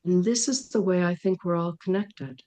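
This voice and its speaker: Animated middle-aged woman telling a story. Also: fairly low pitch, moderate pace. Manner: animated storyteller, acts out dialogue, laughs often. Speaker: podcast guest, dream worker. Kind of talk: storytelling in an interview.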